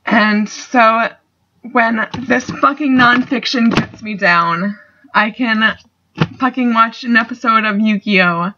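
A woman's voice: on the high side, slow pace, sharp tone. A young woman talking casually in a video response, rambling with fillers and casual swearing, a little emotional. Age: young adult. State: getting emotional. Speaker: student vlogger. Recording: dull lo-fi recording.

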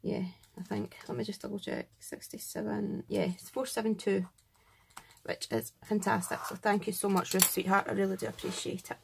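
Here a woman from Scotland talks to camera at a moderate pace, her medium-pitched voice gravelly and steady, while she opens gifts for her craft channel. She gushes with delight and offers each sender warm thanks. There's a little background noise.

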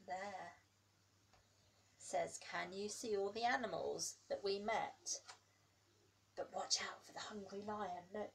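Slow, gently coaxing woman reading aloud. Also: mid-range voice, vocal fry, slight background noise. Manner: drops to hushed whispers for suspense, then gasps; coaxing, asks the children questions. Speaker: preschool teacher. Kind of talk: reading a picture book aloud to toddlers.

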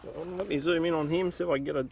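A man's voice: a little high, steady tone, very fast, vocal fry, a little mellow, distant mic, a little hiss or hum. An Australian man out metal detecting outdoors, replying briefly and easily in casual chat. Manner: easygoing, brief replies. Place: dry field outdoors.

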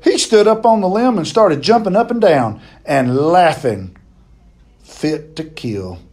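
A man's voice: fairly high pitch, animated, a little slow, a little mellow. A man reading a novel chapter aloud, telling it expressively and now and then stumbling and repeating a word.

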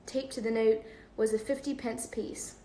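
A young woman reading a storybook aloud on a livestream, relaxed and laughing off her own slips. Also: fairly high pitch, normal speed, slight background noise. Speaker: host. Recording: echoey room.

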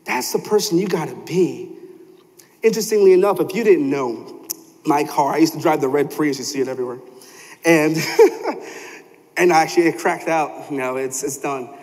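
A man's voice: a little high, moderate pace, pauses often, darkish tone. A young man preaching a sermon in a church, telling stories animatedly and acting out quoted voices. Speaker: pastor. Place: church sanctuary. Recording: long hall reverb.

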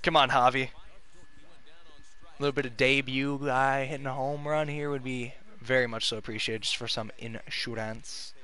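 Young male gamer host, swears a lot while he plays, bright tense voice. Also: mid-range voice, little pitch movement, moderate pace, clear, resonant tone. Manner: profane, frustrated, talks to his players. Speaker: gaming video host. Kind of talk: casual gameplay commentary.

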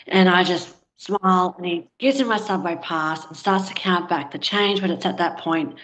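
A woman's voice: fairly low pitch, moderate pace, fairly bright tone, low-quality recording. A woman, a guest telling a personal story in an interview in a candid, conversational way with fillers. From Australia.

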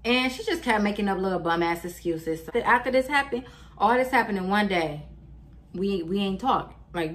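A young woman in her twenties tells a story straight to her viewers, loose and full of slang and swearing. Her voice sits fairly low for a woman. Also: fairly bright tone, a little hiss or hum. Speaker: vlogger. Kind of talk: casual storytime.

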